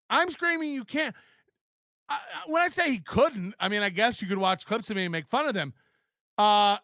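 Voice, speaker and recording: A man's voice: high voice, sharp tone, no room sound, clean studio sound. A man hosting a podcast, ranting in mocking disbelief and laughing often as he reacts to clips. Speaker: podcast host.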